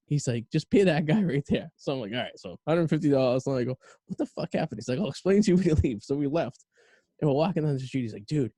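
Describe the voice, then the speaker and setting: A man tells a story fast and loose, swearing and laughing as he goes. His voice is dark and mellow, and the sound is dry and close. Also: on the high side, no room sound. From Boston area. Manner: rambling, profane, laughing storyteller. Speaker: podcast co-host. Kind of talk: casual storytelling chat.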